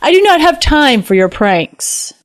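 A woman voicing a grumpy, sleepy male bear who speaks in a gruff, impatient way in a storybook. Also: high voice, sing-song, measured pace, no room sound, pitched above the performer's own voice.

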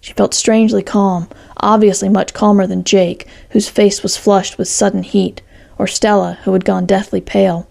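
Woman, story narrator, steady measured reading, heavily gravelly voice, mellow dark tone. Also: mid-range voice.

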